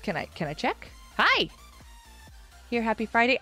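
A woman's voice: a little high, wildly swooping pitch, moderate pace, pushed and bright. A woman game streamer chatting casually on a live stream and greeting viewers by name. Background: faint background music.

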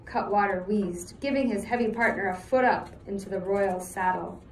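A woman teacher reading a novel aloud to her class, steady and pausing to check in with listeners. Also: mid-range voice, roomy sound, low-quality recording.

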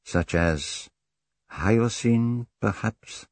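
A man's voice: fairly low pitch, extremely slow, no echo, voice pushed up. A man reading Poirot, a shrewd probing detective. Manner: probing, questioning.

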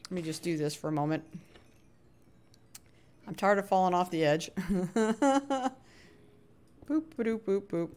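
A woman's voice: on the low side, a little slow, long pauses. A woman live-streaming her gameplay, chatting to viewers and greeting them by name, often laughing and humming little sound effects as she plays. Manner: chatty and expressive, hums little sound effects while playing; frequent laughs, jumps between hushed nervous asides and loud cheery greetings.

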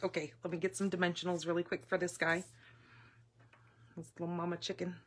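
A woman hosting a live papercraft class, chatting in a gushing, excitable way with fillers as she works at a table in her home craft room. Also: on the low side, brisk, slight background noise. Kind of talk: casual live craft demonstration.

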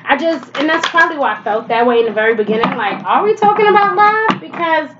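Woman, fairly high voice, casual blunt tarot reader, stuffy nose, slightly dull recording. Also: lively intonation, fast, noisy background. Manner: chatty, blunt, swears freely, laughs often. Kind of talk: casual tarot reading to camera.

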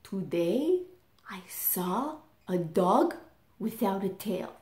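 A woman voicing her playful middle-aged father, telling his kids a tall tale in a hushed, conspiratorial way. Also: mid-range voice, a little slow, lightly acted. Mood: hushed teasing. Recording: roomy echo.

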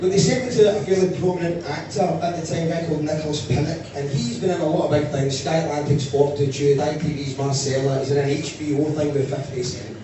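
A man from Glasgow with a Glaswegian accent, doing a stand-up comedy set with animated storytelling and sudden loud bursts. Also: on the high side, fast talker, few pauses. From Scotland. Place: live venue with audience. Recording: echoey distant room mic with noise.

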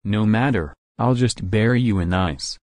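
A boastful male villain who commands ice, voiced by a male storyteller. The tone is low and recorded dry, with no room sound. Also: measured pace, a little mellow, dry recording, close to an everyday voice.

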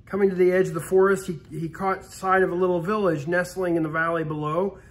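High-voiced man reading a Christmas story. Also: a little fast. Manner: steady storytelling with small restarts. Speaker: story reader. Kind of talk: read-aloud Christmas story.

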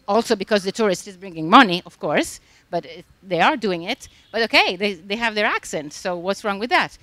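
A woman's voice: mid-range voice, a bit bright, dry recording. A woman from Italy, an author talking thoughtfully on a festival panel with many fillers and restarts. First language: Italian. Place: stage at a literary festival.

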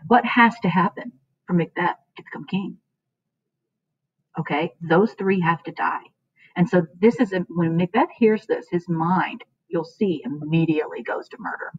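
A woman teacher talks students through a play in a casual, chatty way, full of fillers. Her voice sits fairly low, and the recording is dry and lo-fi with a dull tone. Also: moderate pace, breathy edge, no room sound.

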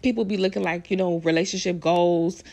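Gravelly-voiced woman ranting about gossip. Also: on the low side, fairly even intonation, brisk, darkish tone. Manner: blunt, profane, emphatic ranting. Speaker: vlogger commenting on celebrity news. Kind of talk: casual celebrity gossip commentary.

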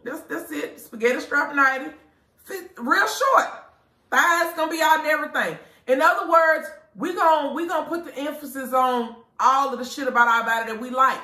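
A woman who owns a lingerie store, doing a casual live product pitch to her customers, blunt, profane and preachy. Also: moderate pace, sharp tone, echoey room. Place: inside her shop.

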